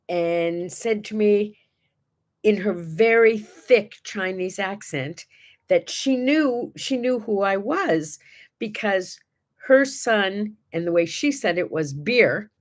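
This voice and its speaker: A middle-aged woman hosting a casual morning chat, telling stories and acting out the people she quotes. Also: mid-range voice. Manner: chatty storyteller, acts out quotes. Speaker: host.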